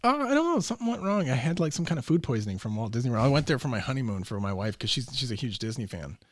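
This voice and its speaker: A young man, a podcast guest, telling a story in a loose, profane, animated way and acting out the voices. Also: medium pitch, very fast, no echo. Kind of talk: casual storytelling.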